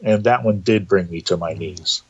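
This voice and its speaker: A man telling a personal story in a casual, animated way, acting out the quoted dialogue. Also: low-pitched, normal speed, dull audio. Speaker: guest telling of entity encounters.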